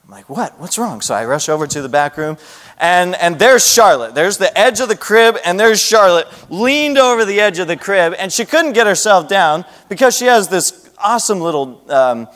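A man's voice: high voice, lively intonation, moderate pace, fairly bright tone, in a large hall. A man in his thirties, a youth pastor preaching a sermon, who prays earnestly and tells family stories, acting out his children's voices. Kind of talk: sermon with prayer and personal storytelling.

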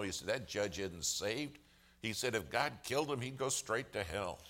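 A man, a lawyer by trade, telling a story in a sermon. He acts out the other people's lines with humor and gets loud at key moments. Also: fairly low pitch, moderate pace, slight background noise. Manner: animated storyteller, acts out quoted voices with humor. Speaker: lawyer giving a testimony.

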